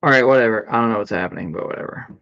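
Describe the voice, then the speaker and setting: Talking very fast in a lowish voice with a fairly bright tone and lo-fi sound, a man chats casually while streaming a game live. He hams it up with mock drama, humming tunes and singing sound effects between remarks.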